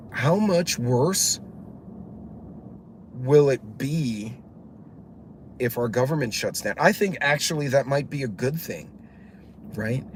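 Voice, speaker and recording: A man hosting a livestream, telling rambling stories in casual, profane chat and reading the chat aloud. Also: medium pitch. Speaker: channel host. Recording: noticeable background noise.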